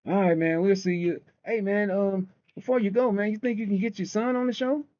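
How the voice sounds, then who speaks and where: A man mimicking a squeaky, snide fellow show host. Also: steady tone, brisk, darkish tone, dull audio, close to an everyday voice. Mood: mocking. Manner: sarcastic, high mocking voice. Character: mocking take on another male show host.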